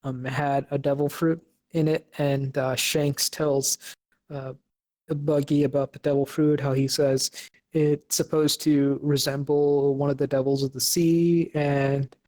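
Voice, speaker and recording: A man's voice: on the high side, level tone, a little slow, darkish tone. A young man co-hosting a podcast, recapping an episode casually with lots of fillers and restarts. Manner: hesitant, many fillers and restarts. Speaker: podcast co-host.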